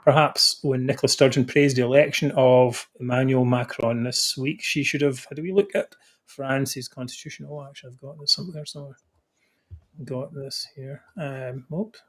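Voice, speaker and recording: A man's voice: medium pitch, fairly even intonation, moderate pace. A man hosting a casual political podcast and signing off the show. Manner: blunt, wraps up the show. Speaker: podcast host. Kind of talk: casual livestream chat.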